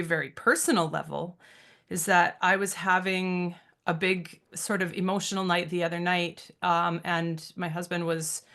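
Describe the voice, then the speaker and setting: A woman's voice: fairly low pitch, fairly bright tone. A woman in her thirties co-hosting a podcast, speaking reflectively and from the heart, with frequent ums. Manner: reflective, heartfelt, many fillers. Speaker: podcast co-host. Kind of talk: casual podcast chat.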